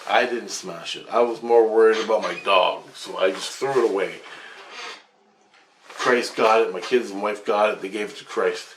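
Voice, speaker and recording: A man's voice: on the low side, normal speed. A man telling a rambling, profane story about his dreams, casual and agitated. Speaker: vlogger recounting dreams. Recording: echoey room with faint noise.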